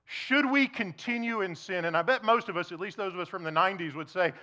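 Male pastor, sermon: bright, lively delivery, leans in quietly for emphasis. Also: sits high, fast, few pauses. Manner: conversational, animated, swings to soft intense emphasis. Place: church before a congregation.

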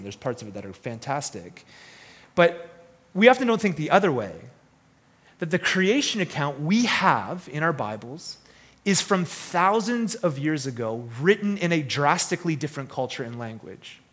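Brief: male preacher, casual conversational sermon, slightly higher voice, jokes and questions the room. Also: big pitch swings, normal speed, fairly bright tone. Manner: chatty, asks the congregation questions, jokes; reads scripture aloud. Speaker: pastor.

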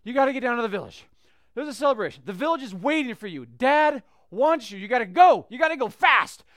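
A breathless older brother hollers his message, as a man puts him on. The voice is pushed up high and loud, panting between words. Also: animated, quick pace, dry recording, clean studio sound. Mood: urgent shouting. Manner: shouting, out of breath. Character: breathless older brother yelling urgent news.

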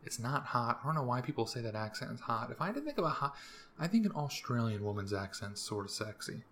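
A man's voice: medium pitch, very animated, fast talker, fairly bright tone, slight background noise. A young man hosting a solo podcast, rambling casually with crude jokes. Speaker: podcast host.

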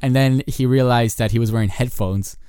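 A woman's voice: extremely low pitch, brisk, crowd noise. A woman co-hosting a podcast, telling stories in a rambling, laughing way with plenty of swearing. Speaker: podcast co-host. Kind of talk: casual chat. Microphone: close podcast mic.

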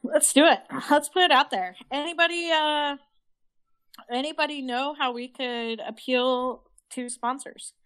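A woman's voice: sits high, unhurried, a bit bright. A woman co-hosting a podcast in casual chat, laid-back and enthusiastic, swearing freely. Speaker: podcast co-host.

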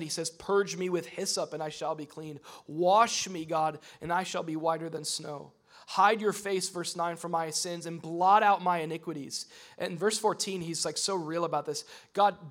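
A young adult man preaching a sermon as a pastor, talking casually and swinging between loud emphasis and soft, earnest passages. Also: a little high.

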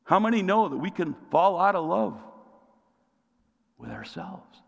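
A man's voice: high-pitched, lively intonation, unhurried, gravelly. A man preaching a sermon as pastor, asking the congregation questions and calling for responses. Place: church sanctuary. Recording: long reverb of a large hall.

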